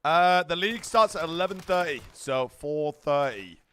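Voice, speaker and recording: Brit streamer guy, swears nonstop, kinda high bright punchy voice. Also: lively intonation, normal speed, clean tone. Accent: British. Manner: brash, swears a lot, banters with chat. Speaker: streamer hosting a watch party. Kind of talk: casual live-stream chat with viewers.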